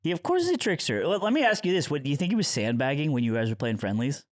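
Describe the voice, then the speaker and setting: A man hosting a casual podcast chat, playful and teasing and quick to laugh. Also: fairly high pitch, big pitch swings, dry recording, clean studio sound. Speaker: podcast host.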